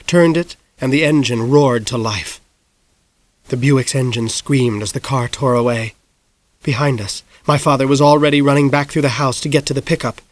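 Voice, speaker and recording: A man in his forties narrating an audiobook in a measured storytelling voice, close on a studio mic. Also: medium pitch, dry recording. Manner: measured storytelling, rising to shouts in action. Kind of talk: scripted narration.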